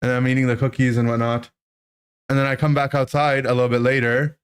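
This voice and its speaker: A man in his thirties, a streamer, telling a childhood story to his chat in an animated, rambling way, full of "right?" and "like". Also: medium pitch, quick pace, clean tone. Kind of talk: casual storytelling to a live chat.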